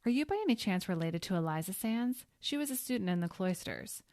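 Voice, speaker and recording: A woman's voice: mid-range voice, expressive, brisk, a little mellow, no room sound, clean studio sound, lightly acted. A woman voicing a sardonic, bold teenage schoolgirl who fakes being a reporter. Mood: mock-official.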